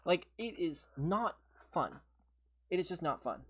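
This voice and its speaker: A woman's voice: lowish voice, sing-song, a little slow, slightly rough. A woman chatting casually on her gaming livestream, venting in an exasperated way and saying "like" a lot. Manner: venting, exasperated, heavy use of "like". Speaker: livestream gamer.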